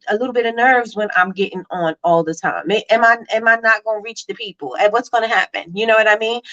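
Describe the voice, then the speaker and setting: Brief: quick, animated woman host of a live business chat, bright voice. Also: mid-range voice, muffled recording. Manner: fast-talking, animated, reads out viewer comments. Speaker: livestream host. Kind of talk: casual live-stream chat.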